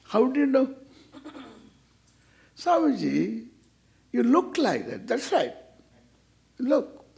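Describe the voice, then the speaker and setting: Older man, spiritual teacher, gravelly voice, lively swooping pitch, playful humor. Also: takes it slowly. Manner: playful, teasing, acts out quoted dialogue. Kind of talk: humorous scripture class.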